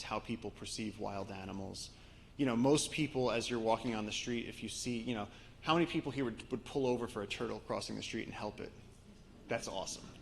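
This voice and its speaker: A man's voice: medium pitch, gravelly, a little hiss or hum, poor audio. A man giving a storytelling talk to a live audience, sharing conversational anecdotes with frequent restarts. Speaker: guest speaker and author.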